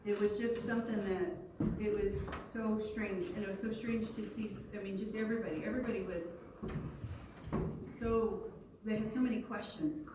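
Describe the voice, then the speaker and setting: A woman's voice: medium pitch, fairly even intonation, moderate pace. A woman in her forties, a youth leader, telling a personal story to a youth group and acting out the quotes with animation. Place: church youth room. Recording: echoey room from far off with noise.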